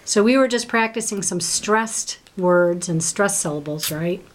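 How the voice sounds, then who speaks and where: A woman's voice: mid-range voice, a little slow. A woman teacher giving a one-on-one reading lesson, patient and full of prompting questions.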